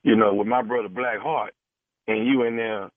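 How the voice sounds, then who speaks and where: A man's voice: on the low side, fairly even intonation, moderate pace, no room sound. A man making a prank phone call as a radio prankster, pushing his point with constant "you know"s and restarts. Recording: dry tinny phone line.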